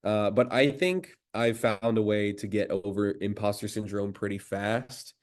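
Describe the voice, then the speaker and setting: Low-voiced man, eager interview guest. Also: unhurried. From United States. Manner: enthusiastic, admiring. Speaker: voice actor guest. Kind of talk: casual interview chat.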